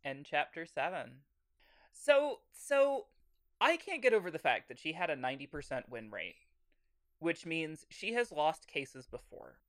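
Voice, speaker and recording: A young adult woman co-hosting a comedic podcast, ranting in an animated, incredulous way. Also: sits low, a little slow. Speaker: podcast co-host. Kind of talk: comedic book-reading podcast.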